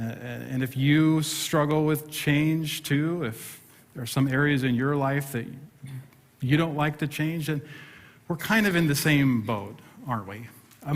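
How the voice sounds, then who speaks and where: A man's voice: fairly high pitch, a bit bright. A middle-aged man, a pastor, preaching a sermon and telling a self-deprecating story with humor. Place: church sanctuary. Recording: long hall reverb.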